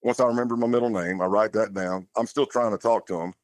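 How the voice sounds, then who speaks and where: A man's voice: fairly low pitch, fairly even intonation, quick pace, no room sound. A man talking as a podcast guest, telling his story in a plainspoken, loose way with casual fillers. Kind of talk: conversational storytelling.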